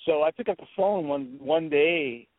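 A man's voice: a little high, moderate pace, dry recording. Expansive storytelling man on a tinny radio line. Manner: expansive storyteller, animated, opinionated. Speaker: author, guest. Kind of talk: radio interview talk. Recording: tinny phone-like radio sound.

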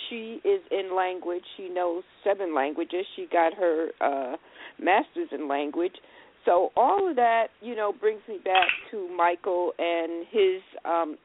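A male talk show host chatting enthusiastically and introducing his guest. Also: sits high. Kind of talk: casual chat. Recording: tinny phone-line sound.

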